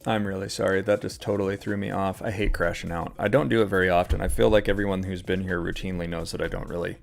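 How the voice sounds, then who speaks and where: A man's voice: sits low, steady tone, fast, gravelly. A man hosting a live trading stream, talking casually and ranting with a lot of swearing and exasperation. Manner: casual, filler-heavy talk. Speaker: trading livestream host. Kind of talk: live-stream market commentary.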